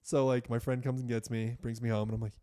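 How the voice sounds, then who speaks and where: A man who is a podcast guest, telling a story in a casual, animated way, full of fillers and swearing. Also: mid-range voice, fast.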